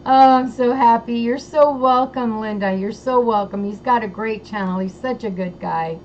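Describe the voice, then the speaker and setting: A woman's voice: on the high side, moderate pace, a little mellow. A woman hosting a casual livestream, bubbly and gushing as she greets chatters by name. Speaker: livestream host. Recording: dull lo-fi sound with faint noise.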